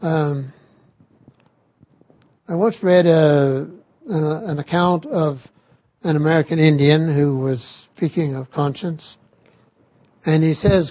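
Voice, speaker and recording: An older man giving a sermon on scripture, slow and halting with frequent restarts. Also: a little high, warm tone, no echo. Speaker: scripture teacher.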